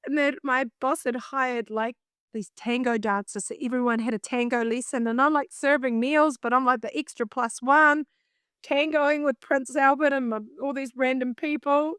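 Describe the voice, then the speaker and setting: Animated New Zealand woman, smooth voice. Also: high voice, normal speed, dry recording, clean studio sound. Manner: animated, laughing often, self-mocking. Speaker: singer and vocal coach, guest. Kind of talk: casual storytelling in an interview.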